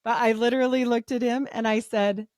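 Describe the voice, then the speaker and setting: A woman in her forties telling a personal story as a podcast guest, animated, laughing often and filling her talk with "like". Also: a little high, a little fast, dry recording, studio quality. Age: 40s. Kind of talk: casual storytelling.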